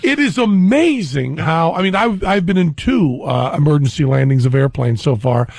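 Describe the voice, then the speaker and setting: A man's voice: fairly high pitch, animated, normal speed, creaky, a little mellow, a little hiss or hum. A man telling a comic anecdote on a talk radio show as a guest, laughing at his own story.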